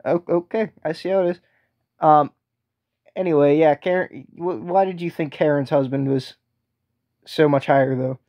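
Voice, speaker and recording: A man hosting a casual fantasy football chat. His voice sits a bit high but stays flat, and he talks hesitantly, full of ums and restarts. The audio is dull and lo-fi. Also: moderate pace, long pauses. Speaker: host.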